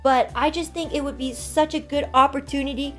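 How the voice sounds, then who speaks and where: A nagging, coaxing middle-aged aunt, put on by a young woman retelling a story. The voice sits high and insists gently. Faint music plays underneath. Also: steady tone, fairly quick.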